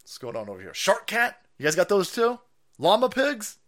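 A man's voice: sits high, normal speed. A man hosting a stream, ranting with profane, mocking sarcasm. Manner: foul-mouthed, mocking, sarcastic, animated. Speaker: streamer host.

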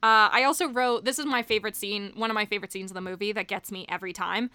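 A woman's voice: medium pitch, fast, pushed and bright, clear, resonant tone, dry recording. A young woman co-hosting a casual movie discussion, chatty and laughing often. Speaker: podcast co-host.

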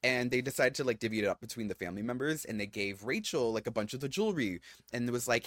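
A man's voice: very fast, few pauses, no echo. Chatty man telling a story, dry sound. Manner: chatty storyteller, lively swings in pitch, frequent fillers. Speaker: podcast co-host. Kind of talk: casual chat.

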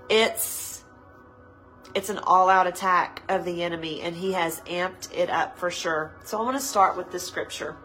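A woman pastor preaches to a live online audience in an earnest, pleading voice. She sounds teary-eyed, talks slowly and returns again and again to the same phrases. Faint music plays softly behind her. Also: on the low side, fairly even intonation, rough recording. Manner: earnest, pleading, repeats phrases, slows to linger on words. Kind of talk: live-streamed devotional sermon.

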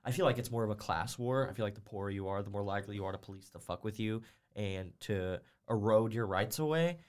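A man's voice: fairly low pitch, quick pace, a little mellow. Blunt, cursing young man on a podcast. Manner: blunt and profane, filler-heavy, full of "like". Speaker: co-host. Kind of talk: casual podcast discussion.

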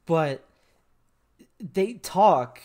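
A young American man co-hosting a podcast, chatting casually, animated, laughing often and trailing off into fillers. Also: sits high, extremely slow. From United States. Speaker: podcast co-host. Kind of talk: casual chat.

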